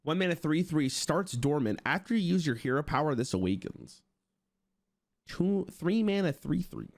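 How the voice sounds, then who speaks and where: Male streamer, slightly high voice, very animated pitch, excitable and profane while reviewing cards for chat. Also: moderate pace. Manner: excitable, swears, thinks aloud. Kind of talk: casual live card review to chat.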